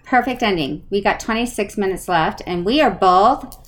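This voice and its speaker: A woman's voice: medium pitch, moderate pace, a little hiss or hum. A middle-aged woman hosting a podcast interview, effusive and chatty, laughing often. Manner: warm, effusive, animated with laughs. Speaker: podcast host. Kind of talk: casual interview chat.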